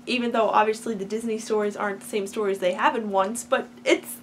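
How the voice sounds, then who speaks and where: A woman's voice: medium pitch, steady tone, brisk, few pauses. A young woman vlogger chatting casually about a TV episode, filler-heavy and gushing, turning to ranting. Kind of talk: casual TV episode reaction chat.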